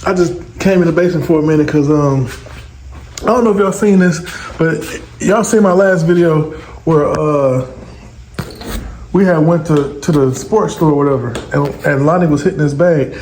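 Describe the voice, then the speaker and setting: Middle-aged dad vlogger, a bit high-pitched, loose rambling chat, echoey basement, noisy phone audio. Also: male voice, normal speed. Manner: loose, rambling, chatty, addresses viewers directly. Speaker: family vlogger and father. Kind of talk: casual vlog chat to camera. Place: small dusty home basement. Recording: echoey basement with loud background noise.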